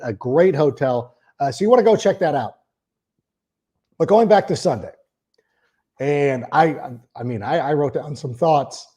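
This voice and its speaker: A man's voice: medium pitch, expressive, moderate pace, dark tone. A man hosting a sports podcast, talking casually and at length, often repeating words as he starts a sentence. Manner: reads a sponsor ad in the middle. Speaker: podcast host. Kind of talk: casual sports talk monologue.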